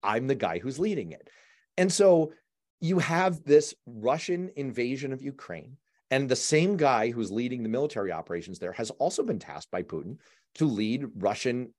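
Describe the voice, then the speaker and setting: Animated male podcast host. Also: mid-range voice, normal speed. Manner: animated, chatty, long-winded. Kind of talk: casual political chat.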